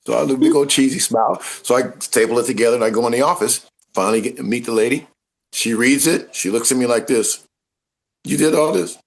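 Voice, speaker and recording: A man in a casual interview, telling stories in an animated, informal way and acting out the voices of people he met. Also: medium pitch, quick pace. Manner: informal speech with dropped grammar. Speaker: interview guest, former football player turned actor. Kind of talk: casual anecdotal storytelling.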